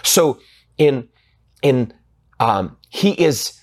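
A man delivers a sermon at a mid-range pitch, often restarting and repeating words as he searches for the phrase. As he goes on he grows fervent, pushing his voice higher to stress his points. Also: sing-song, breathy edge. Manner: halting, with many restarts and fillers, growing emphatic and rising in pitch. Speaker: preacher.

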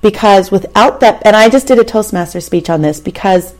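A woman in her thirties hosts a show and tells a personal story in a casual monologue, speaking candidly and conversationally and addressing the listener directly. Her voice has a medium pitch and a moderate pace.

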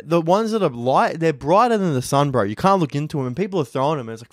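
A man's voice: a little high, expressive, fast talker, dry recording, studio quality. A young Australian man, a comedian, telling rambling, profane stories in a casual podcast monologue from home.

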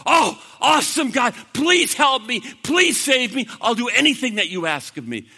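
A man voicing a panicked man hanging from a cliff, yelling frantically for help. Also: extremely high pitch, very animated, slow pace, husky, in a large hall, voice pushed up, full character voice. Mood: eager.

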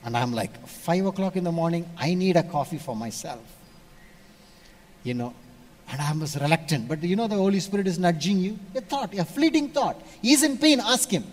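A man from India, preaching a sermon and telling stories, switching between loud emphasis and hushed asides. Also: on the high side, normal speed. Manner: storytelling, animated shifts between loud and hushed.

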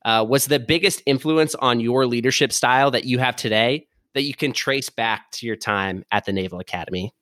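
A young man hosts a casual interview, asking questions in an easygoing way and laughing often. His voice sits at an ordinary middle pitch. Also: fairly quick, few pauses, a bit bright. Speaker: podcast host.

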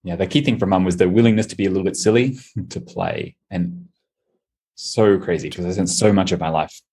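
Male podcast guest, low husky voice, chatty, laughs a lot. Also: warm tone. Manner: chatty, laughs often, quick bursts of delight. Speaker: coaching client, guest. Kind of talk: casual podcast conversation.

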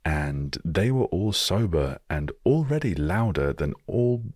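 A man's voice: sits low, very animated, a little slow, darkish tone, dry recording, clean studio sound. A British man hosting a solo storytelling podcast, talking with wry, self-deprecating humor. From Britain. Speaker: podcast host.

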